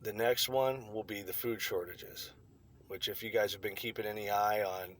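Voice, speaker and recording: A man's voice: fairly low pitch, steady tone, normal speed, slight background noise. A man delivering a blunt, profane opinion rant to his online viewers. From United States. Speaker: vlogger.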